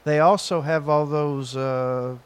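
A man's voice: on the high side, steady tone, slow, clear, resonant tone. A man chatting casually, blunt and laid-back, with frequent swearing. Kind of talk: casual chat.

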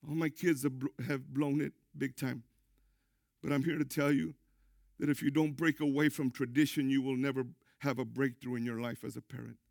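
A middle-aged man, a pastor preaching a sermon, emphatic, with sudden loud high bursts. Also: steady tone, normal speed, gravelly, no room sound, studio quality.

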